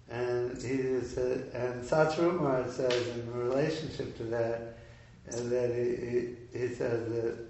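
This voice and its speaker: A man tells a story in a loose, halting way, restarting his sentences again and again. His voice is heard from a distance in a very echoey room. The sound is dull and lo-fi. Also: mid-range voice, darkish tone. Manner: halting, full of restarts and fillers. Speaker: speaker at a devotional gathering. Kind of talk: informal storytelling talk.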